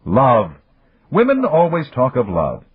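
A man with a very husky voice playing a cold, domineering older father in an audiobook, stern and commanding. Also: medium pitch, wildly swooping pitch, slow pace, pitched above the performer's own voice, heavily acted. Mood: scolding. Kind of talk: audiobook character voice. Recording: dry, tinny phone-like audio.

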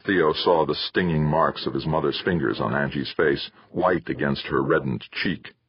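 Deep, husky male audiobook narrator. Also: normal speed, no echo. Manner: expressive storytelling. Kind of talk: scripted narration. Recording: dull, dry lo-fi audiobook recording.

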